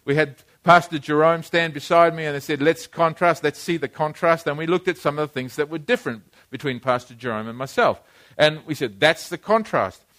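A man's voice: a little high, brisk, a bit bright. A male pastor preaching a sermon in a church, emphatic, repeating key phrases and leading the congregation in responses.

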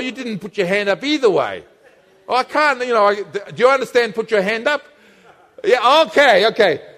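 A man preaching a sermon, animated and calling on the congregation to answer him. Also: high voice. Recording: long hall reverb.

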